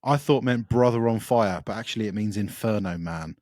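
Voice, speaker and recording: Low-voiced, excitable podcast co-host man. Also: fairly quick, no room sound, studio quality. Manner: enthusiastic, rambling, lots of "like" and "mate". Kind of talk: casual chat about metal records.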